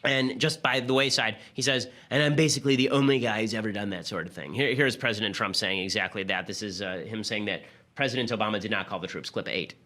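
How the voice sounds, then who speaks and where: A man hosting a political commentary show, talking in a rapid, sarcastic, argumentative way. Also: on the low side, bright, forceful tone. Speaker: host.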